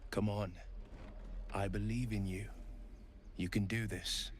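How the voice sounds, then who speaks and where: An actor playing an earnest heroic adventurer in a video game, encouraging and gentle. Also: male voice, fairly low pitch, steady tone, slow, a little hiss or hum.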